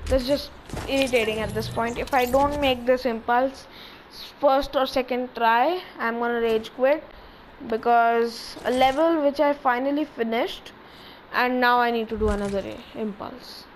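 A gaming channel host giving excitable live commentary on his own play, talking to himself as he goes. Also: medium pitch, a little slow, slight background noise, poor audio. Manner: excitable, talks to himself while playing.

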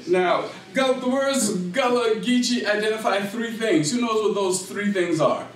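A man with a South Carolina Low Country accent giving a library talk, quizzing the audience and affirming their answers. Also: measured pace. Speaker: speaker on culture and language. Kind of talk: public talk with audience questions. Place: library meeting room. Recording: roomy echo, distant mic, faint noise.

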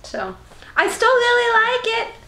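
A middle-aged woman with a high, very lively voice chats casually as a co-host, giggling as she tells stories and slips into other people's voices. The room around her is echoey. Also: measured pace. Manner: giggly storyteller, acts out quoted voices. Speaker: podcast co-host. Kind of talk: casual chat.

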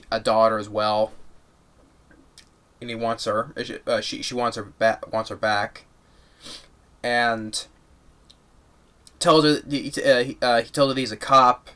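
Rambling, excited male movie reviewer. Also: mid-range voice, moderate pace, pauses often, smooth. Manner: rambling, excited, with many restarts. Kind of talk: casual plot recap.

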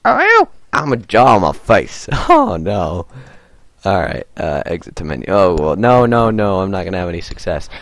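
Goofy male gamer with a lively pitch. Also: moderate pace, no room sound. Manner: goofy, talks to the game character, repeats jokes. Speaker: gaming video host. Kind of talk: let's-play commentary.

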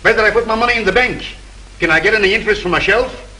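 Excitable penny-pinching male producer, bright and higher-pitched, 1930s film. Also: fairly quick, slight background noise, low-quality recording. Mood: grumbling. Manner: excitable, complaining about cost.

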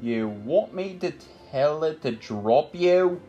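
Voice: medium pitch, lively intonation, slow pace, warm tone, lo-fi sound. A narrator voicing a confident, teasing young princess in an audiobook, bossy and playful, with faint music behind. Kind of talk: audiobook character voice.

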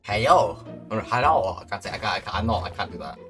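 An excitable young man chatting over a headset while he plays a game with friends. His voice is bright and swings widely in pitch as he laughs, swears and shouts, and faint game music plays behind him. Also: racing. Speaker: gamer. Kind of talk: casual gaming chat.

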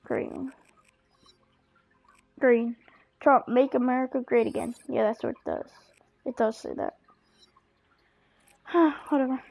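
A woman's voice: a little high, fairly even intonation, slow, vocal fry, pauses often, darkish tone. A woman chatting over her gameplay, apologizing a lot and swearing at the game, her voice now and then cracking. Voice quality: voice keeps cracking. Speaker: gamer. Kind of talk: live gameplay commentary.

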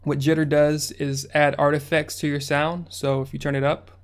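A man narrating a music production tutorial in a casual, slangy manner. His voice sits a little high and stays flat and even, with little rise and fall. He recorded it as a voice-over on a desk microphone. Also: moderate pace, clear, resonant tone. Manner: laid-back, slangy, step-by-step instructions.

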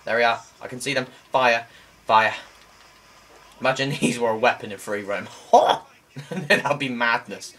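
A young man giving excitable let's play commentary, shouting exclamations and making sound effects while he plays. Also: mid-range voice, measured pace, long pauses. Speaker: gameplay commentator.

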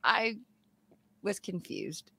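A woman from Los Angeles, guest-hosting a podcast in casual chat, who tells stories in an animated way and acts out quotes. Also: mid-range voice, very slow, slight background noise. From Los Angeles, California. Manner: animated storytelling, acting out quotes with laughter. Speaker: guest host.

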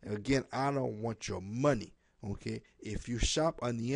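Addressing his team, friends and followers in a direct-to-camera webinar, a network marketer pleads repetitively at normal speed in a creaky voice. He drops words in non-native, slightly broken phrasing and tacks "okay?" onto almost every phrase.

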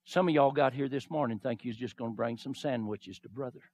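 A man preaching a sermon, acting out the figures of the stories he retells and swinging from low murmurs to shouted declarations. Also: fast talker. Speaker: pastor.

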